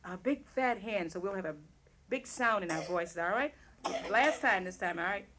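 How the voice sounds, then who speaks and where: A woman's voice: fairly low pitch, expressive, moderate pace, a crowd in the background. A woman leading children through a counting rhyme, coaxing and encouraging them in a teacherly way. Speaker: children's session leader.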